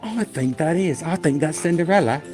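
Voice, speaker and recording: The vlogger's voice is fairly high, expressive and brisk as he tells a story casually on a theme park livestream. He is middle-aged, chatty and self-deprecating, laughs frequently, and loud music plays in the background.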